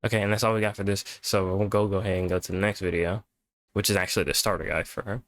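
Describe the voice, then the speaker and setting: Young male reaction host, lower voice, rambling laid-back commentary, worn out. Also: fairly even intonation, quick pace, no echo. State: tired. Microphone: webcam setup at home.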